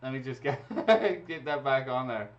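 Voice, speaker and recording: At a moderate pace and medium pitch, a man hosts a live raffle draw, laughing and chatting loosely while talking through the draws. His voice comes through a computer mic in dull, lo-fi stream audio.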